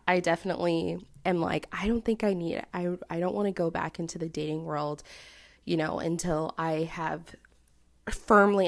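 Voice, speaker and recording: Gravelly chatty young woman. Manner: chatty, filler-heavy, laughs often, jumps into high playful bits. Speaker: podcast host. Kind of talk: casual solo chat.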